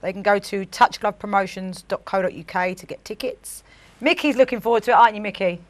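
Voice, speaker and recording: A woman's voice: mid-range voice, brisk, no room sound. Chatty woman, dry studio sound. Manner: chatty, laughs easily. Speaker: event promoter. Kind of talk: casual studio chat.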